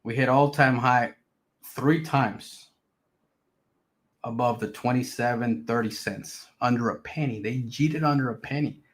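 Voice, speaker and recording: A man's voice: mid-range voice, a little slow. A man giving casual, emphatic market commentary on his stream, repeating his points. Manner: emphatic, repetitive, animated swings in loudness. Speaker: crypto streamer.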